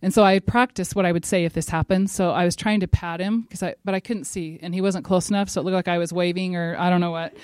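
Animated woman giving a devotional talk. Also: fairly low pitch, fast, few pauses, smooth, dry recording, clean studio sound. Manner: animated storyteller who acts out quotes and speaks directly to her listeners. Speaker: devotional speaker. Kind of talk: religious devotional talk with personal story.

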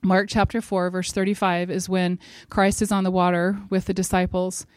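A middle-aged woman giving a devotional talk at a church gathering, earnest and emphatic, building to forceful exhortation. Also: fairly low pitch, flat delivery, moderate pace, clean tone, no echo.

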